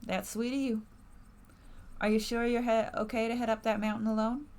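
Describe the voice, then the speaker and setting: A woman's voice: fairly high pitch, level tone, normal speed, a little mellow, clear, resonant tone, voice pushed up, lightly acted. A woman reading as a kind, worried friend. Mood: concerned.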